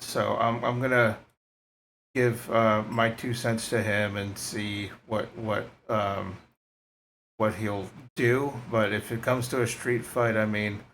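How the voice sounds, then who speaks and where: A man taking part as a player in a tabletop game, speaking haltingly with many restarts. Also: lowish voice, a bit bright, a little hiss or hum.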